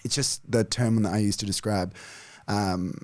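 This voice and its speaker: An Australian comedian chatting as a podcast guest, animated, cursing freely and laughing between lines. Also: male voice, on the low side, normal speed. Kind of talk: casual podcast chat.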